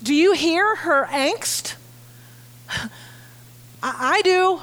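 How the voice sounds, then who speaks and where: A woman pastor giving a conversational, animated sermon, acting out the voices she quotes. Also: very high-pitched, extremely slow.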